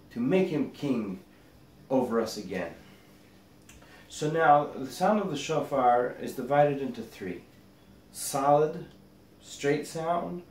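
A man, a rabbi, teaching a meditation by gently telling a parable. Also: medium pitch. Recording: roomy echo, distant mic, faint noise.

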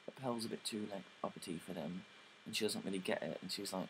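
A man's voice: deep voice, fast, noisy background. A young man casually summarizing plays, rambling with lots of likes and ums and casual swearing.

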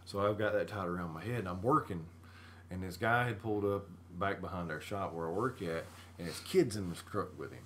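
A man's voice: deep voice, brisk, slight background noise. A man, co-hosting a casual podcast chat, telling stories animatedly and laughing mid-sentence. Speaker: podcast co-host.

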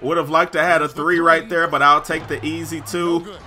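A man giving excited gameplay commentary over a basketball video game and yelling on big plays. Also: on the high side, brisk. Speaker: gaming YouTuber.

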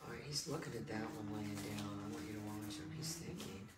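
A man's voice: fairly low pitch, a little fast. A man working as a dog trainer, chatting casually through a demonstration and answering questions he imagines listeners asking. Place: room with puppies. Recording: distant mic, roomy, loud background noise.

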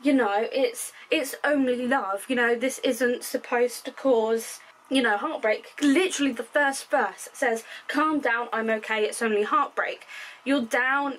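A young woman chats through her reactions to music in a slightly high voice. She is tired and openly emotional, rambling and restarting her sentences as she goes. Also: poor audio. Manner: chatty, rambling, self-correcting; emotional and candid. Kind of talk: casual reaction commentary.

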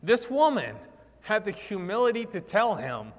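Animated male preacher in a reverberant hall. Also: sits high, moderate pace. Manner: conversational, animated, acts out the quoted lines. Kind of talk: sermon. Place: church sanctuary.

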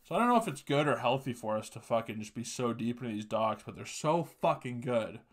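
A man's voice: medium pitch, expressive, a little fast. A man hosting a solo podcast, ranting casually and crudely with lots of swearing and laughing asides. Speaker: podcast host.

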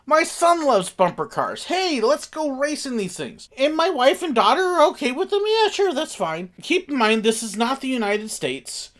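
Guy telling a family story, super animated, voice goes up and down a lot. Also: high-pitched. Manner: animated, acts out quotes. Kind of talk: casual storytelling.

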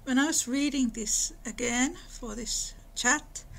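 A woman's voice: sits high, measured pace, creaky, fairly bright tone, slight background noise, low-quality recording. A woman co-hosting a book podcast, talking thoughtfully about a novel and reading passages aloud. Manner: thoughtful, with many "like" fillers. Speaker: podcast co-host.

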